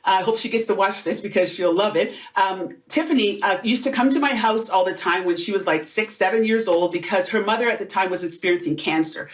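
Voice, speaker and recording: A middle-aged woman, a motivational speaker, telling stories in an animated, conversational way during an interview. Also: medium pitch, fairly quick, hardly any pauses. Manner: animated, acts out quoted voices.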